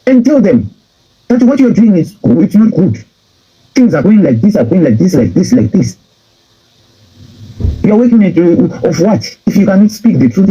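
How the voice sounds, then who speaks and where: Captured on a dull, lo-fi recording, a Zimbabwean-accented man rants hotly about politics, scolding and circling back over his points while weaving in expressions from home. His voice is a touch high, mellow, and slightly rough.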